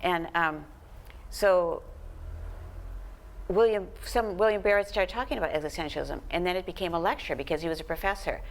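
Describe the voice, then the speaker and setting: A woman author talking about history at a panel, relaxed and full of fillers. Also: lowish voice, a little fast, pauses often, low-quality recording. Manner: relaxed storyteller, many fillers. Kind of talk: conversational panel talk. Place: art gallery talk.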